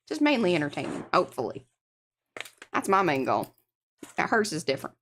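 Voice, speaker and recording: A woman's voice: fairly low pitch, wildly swooping pitch, fairly quick, long pauses, slight background noise. A woman hosting an art livestream, chatting casually and greeting viewers by name. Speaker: livestream art show host.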